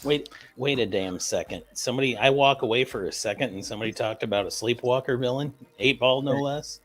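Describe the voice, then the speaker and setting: An enthusiastic man with a mid-range voice, joking and riffing in a casual video-call chat. He talks with eager, excited energy. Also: mid-range voice, a little fast, soft background music. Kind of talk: casual online group chat.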